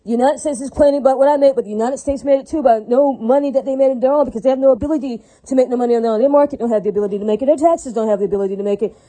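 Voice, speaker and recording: A woman's voice: high-pitched, racing, hardly any pauses, dark tone, poor audio. A woman ranting alone in an unscripted monologue, swearing freely and repeatedly asking whether her listeners follow. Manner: profane, repetitive, keeps asking "right?" and "does that make sense?".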